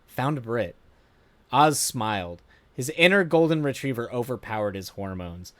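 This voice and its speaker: A man streamer reading a viewer's story aloud, with animated laughing asides and frequent self-corrections. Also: mid-range voice, normal speed, no echo.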